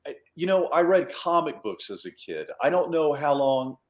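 A man's voice: on the high side, sing-song, moderate pace, reverberant. A man, a children's author and illustrator, talking casually and self-deprecatingly at a storytime. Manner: chatty, self-deprecating, rambling.

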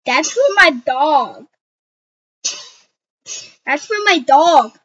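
A woman voicing a soft-spoken chubby bunny animatronic in a game role-play, talking slowly and goofily. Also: high-pitched, lively intonation, full character voice. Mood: goofy. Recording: slightly dull lo-fi audio.

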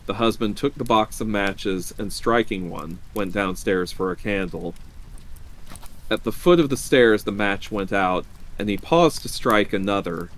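A man reading a horror story aloud on a live stream with a measured, dramatic delivery. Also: low-pitched, slight background noise.

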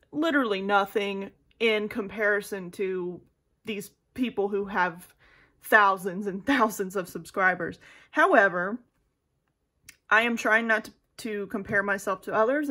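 A woman's voice: medium pitch, fairly bright tone. Young female vlogger, casual, self-deprecating, talks to camera. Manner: chatty, rambling, self-deprecating. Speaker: planner vlogger. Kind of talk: casual vlog chat.

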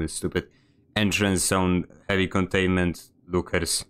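A man's voice: deep voice, fairly even intonation, moderate pace, a bit bright, clean tone. A man streaming a video game, giving a sarcastic, grumbling running commentary. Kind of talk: live gameplay commentary.

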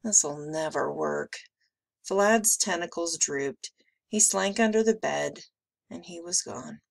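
A woman teacher reading a picture book aloud with slow, expressive delivery. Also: on the low side, vocal fry.

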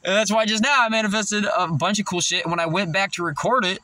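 A man's voice: sits high, fast talker, sharp tone. A stoned man rambling loosely to the camera in a casual vlog, laughing often and drifting off topic. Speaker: vlogger.

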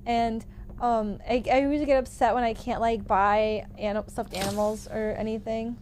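A woman's voice: fairly high pitch, little pitch movement, normal speed, a little mellow, a little hiss or hum. A young woman streamer casually commenting while playing a game, gushing and easily startled. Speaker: gaming streamer. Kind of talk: casual let's-play commentary.

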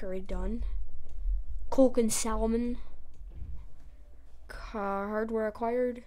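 A woman's voice: fairly high pitch, steady tone, takes it slowly, long pauses, darkish tone. A woman hosting a let's-play, chatting casually and rambling while correcting herself. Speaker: gaming channel host.

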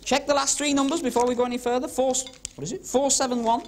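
A man doing comic magic patter on a club stage, teasing audience volunteers with quick cheeky asides. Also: very high voice, steady tone. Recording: 1970s TV broadcast with crowd laughter and hiss. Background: audience laughing and murmuring.

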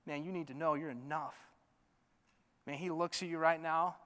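A man preaching a sermon as pastor, swinging from loud urging to a soft hush. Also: a little high, steady tone, normal speed, in a large hall. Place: church sanctuary.

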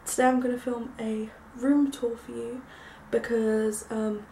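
A young woman giving a casual, rambling tour of her small bedroom, full of ums and likes, sometimes hushed. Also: fairly high pitch, level tone, unhurried, a little hiss or hum. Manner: hushed at times so as not to wake her brother. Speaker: vlogger. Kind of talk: casual room tour vlog.

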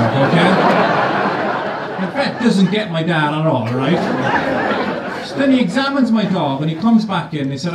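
High-pitched and at normal speed, a male stand-up tells an animated, swearing, conversational comic story on stage before a laughing audience. Recorded in an echoey venue, he sounds distant, and the crowd can be heard.

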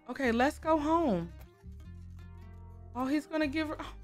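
A woman, hosting a casual, excitable let's-play and chatting to viewers as she plays. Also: high-pitched, a little slow, faint music behind. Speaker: gaming video host. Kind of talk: casual game commentary.

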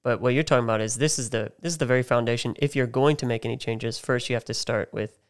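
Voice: medium pitch, fast talker. A podcast host who murmurs agreement and then sums up the guest's point in a question. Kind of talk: conversational podcast interview.

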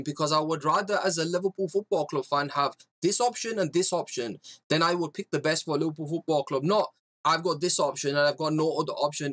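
Heated man ranting, higher voice. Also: a bit bright. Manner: heated ranting, blunt and profane. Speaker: fan channel host. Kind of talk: livestream chat reading viewer comments.

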